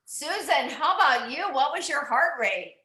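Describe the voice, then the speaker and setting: A woman's voice: high voice, expressive, normal speed, sharp tone. A woman coaching an indoor cycling class, upbeat and encouraging, calling out numbers and cheering riders on. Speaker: cycling instructor. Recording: echoey room.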